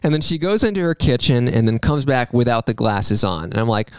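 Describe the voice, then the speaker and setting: A man's voice: medium pitch, a little fast, clean tone, no room sound, studio quality. A man telling a long funny story in casual podcast chat, laughing often and acting out both sides of the conversation. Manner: animated, laughing through his own story. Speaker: podcast guest.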